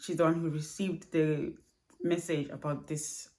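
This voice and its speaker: A woman speaking softly and haltingly in a personal vlog recorded at home at night, low on energy. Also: little pitch movement. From Australia. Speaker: vlogger.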